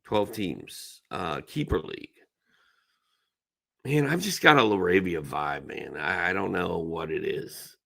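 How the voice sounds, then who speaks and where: On a casual live stream, a middle-aged fantasy basketball analyst reads viewers' questions aloud and follows with blunt, emphatic advice. His low-pitched voice is expressive, gravelly, and a bit bright, delivered a little slowly.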